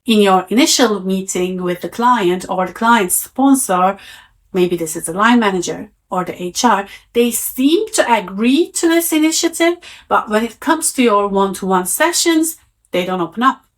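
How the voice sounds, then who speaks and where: A woman in her thirties giving a calm, encouraging talk on coaching to camera. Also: mid-range voice, normal speed. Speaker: coaching trainer.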